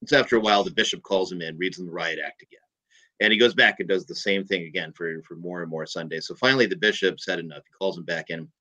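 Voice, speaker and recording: A man's voice: low voice, fast talker, pushed and bright, low-quality recording. A man co-hosting a casual talk show, rambling with many fillers as he tells a joke. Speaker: co-host. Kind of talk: casual chat, telling a joke.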